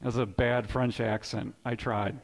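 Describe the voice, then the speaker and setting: A man preaching a sermon as pastor, swinging between loud emphatic bursts and hushed low lines, often repeating words as he builds a point. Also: fairly even intonation, moderate pace. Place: church sanctuary.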